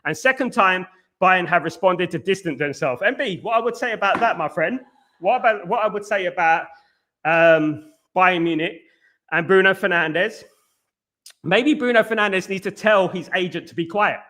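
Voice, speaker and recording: Host type: man, out of breath, high bright voice, chatty, keeps saying "absolutely.". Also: normal speed. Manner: chatty, repeats "absolutely" and "big up". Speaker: host of a football live stream. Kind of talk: casual live-stream chat reading viewer comments.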